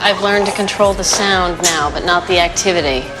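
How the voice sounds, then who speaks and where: A woman's voice: lowish voice, moderate pace, natural voice, rough recording. An actress playing a swollen, gassy pregnant woman who talks about it bluntly and a little sheepishly. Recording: film clip over loud music.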